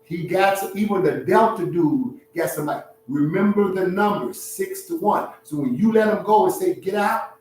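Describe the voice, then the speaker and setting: A man hosting a relationship talk, giving blunt, preachy advice to an audience in an animated, streetwise way, laughing at his own points. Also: high voice, moderate pace, few pauses, very echoey, recorded from a distance, slight background noise, rough recording.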